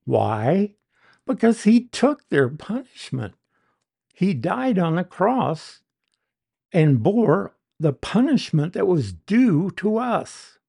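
A preacher giving an expository Bible teaching sermon, deliberate and emphatic, leaning hard on key words. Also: mid-range voice, very animated, creaky, dark tone, husky.

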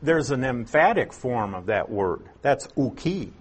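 A man's voice: medium pitch, expressive, measured pace, a little hiss or hum. A man teaching verse by verse through a Bible passage, explaining word meanings and asking rhetorical questions.

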